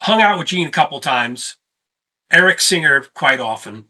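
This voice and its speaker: A man hosting a casual sit-down conversation and telling lively tour stories. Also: a little high, normal speed, poor audio. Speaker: host; touring musician.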